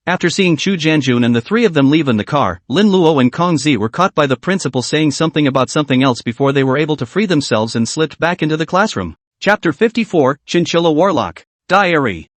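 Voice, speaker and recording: A man reads a manhwa recap as narration, keeping a steady storytelling pace. His voice is slightly high and the sound is dry and close, with no room echo.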